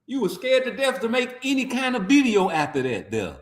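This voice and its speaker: A man's voice: very high voice, wildly swooping pitch, brisk, reverberant. A man, delivering a profane, mocking, heated boxing rant. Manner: trash-talking, mocking, heated. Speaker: boxing commentator.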